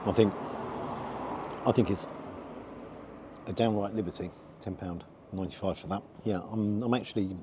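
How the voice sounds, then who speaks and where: A man with a fairly low, mellow voice talks through a food review as he eats outdoors. He gives a frank, let-down running commentary on each bite, with a faint hum of outdoor ambience behind him. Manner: frank, disappointed running commentary while tasting. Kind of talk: casual food review vlog.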